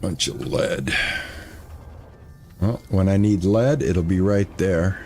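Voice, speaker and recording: Older guy streaming a game, kinda low voice, thinks out loud and repeats stuff. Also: slow pace, faint music behind. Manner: rambling, thinking aloud, repeating himself. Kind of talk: casual gameplay commentary.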